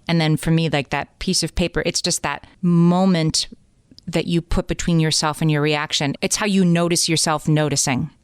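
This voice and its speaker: A woman's voice: sits low, steady tone, moderate pace, clean tone, no echo, clean studio sound. A woman co-hosting a podcast about motherhood, speaking earnestly in casual chat and acting out her own inner thoughts.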